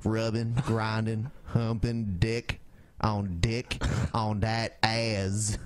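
A man hosting a podcast, reading aloud slowly and breaking into laughter, with crude remarks. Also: on the low side, flat delivery, clean tone. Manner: slow, laughing reading, profane. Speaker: podcast host. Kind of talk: casual crude banter.

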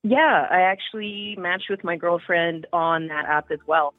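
A woman's voice: lowish voice, unhurried, no room sound. A young Canadian woman calling in to a podcast, candid and chatty as she tells her story. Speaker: caller. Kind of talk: casual phone-in chat. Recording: tinny phone line.

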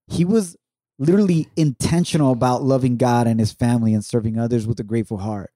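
A man's voice: medium pitch, dark tone, no echo, clean studio sound. A middle-aged man co-hosting a podcast, talking earnestly and reflectively with his wife and encouraging listeners. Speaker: podcast co-host. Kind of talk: heartfelt conversation with his wife.

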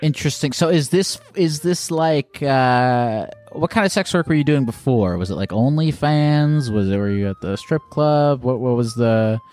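A man's voice: mid-range voice, expressive, moderate pace, hardly any pauses, darkish tone. Guy hosting a chat, middle voice, curious, keeps restarting questions, bit of music behind. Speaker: host. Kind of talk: casual interview chat.

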